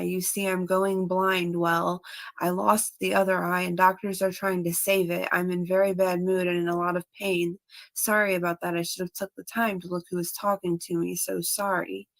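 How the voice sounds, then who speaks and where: A woman's voice: fairly low pitch, vocal fry, fairly bright tone, no room sound. A woman reading out online comments and her replies in a casual, matter-of-fact way. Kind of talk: casual reading of chat messages aloud.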